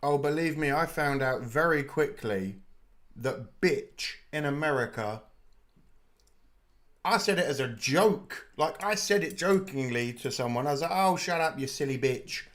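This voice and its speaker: A man's voice: on the high side, lively intonation, a little slow, a bit bright. A British man hosting a live reaction stream, chatting casually, explaining slang and swearing freely as part of his everyday speech. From United Kingdom.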